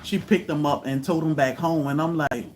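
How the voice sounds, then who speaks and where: A woman, hosting a casual livestream and telling stories in a lively way, jumping up high and loud when she acts out what people said. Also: normal speed, a little hiss or hum. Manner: animated, acts out quotes with high loud bursts. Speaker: homestead channel host.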